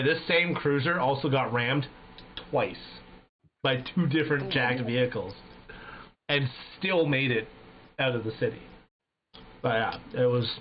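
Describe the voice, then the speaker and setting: A man on a live stream tells stories in a loose, profane, animated way, mimicking the people in them. His voice sits at a middling pitch and comes through thin and phone-like. A faint hiss runs underneath. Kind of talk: casual storytelling chat. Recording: tinny phone-like sound with faint noise.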